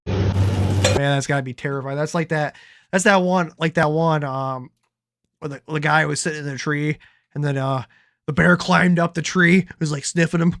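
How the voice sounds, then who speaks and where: A man's voice: fairly high pitch, steady tone, normal speed, fairly bright tone, no echo, studio quality. A man streaming casual commentary on video clips, loose and profane, rambling through his reactions.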